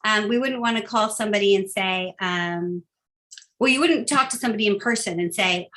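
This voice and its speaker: An upbeat woman leads a training session in a chatty, casual way, filling her talk with little pauses and fillers. Her pitch sits in an ordinary middle range for a woman. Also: fairly bright tone.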